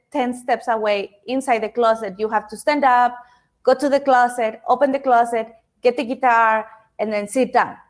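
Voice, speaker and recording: A woman in her thirties whose first language is not English, giving a chatty motivational talk that speaks straight to her audience and often repeats its words. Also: fairly high pitch.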